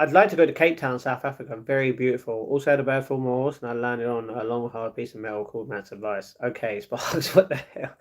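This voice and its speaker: Young man with a London accent, a fast, chatty live streamer with mid-range pitch, lots of fillers. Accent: London English. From England. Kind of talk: reading and answering live chat.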